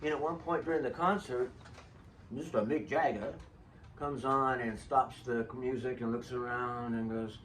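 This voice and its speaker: An older man who vlogs about his saved ticket stubs tells chatty, jokey stories about them, rambling off topic as he goes. His mid-range voice is steady, unhurried, and fairly bright. A distant mic picks up faint background noise.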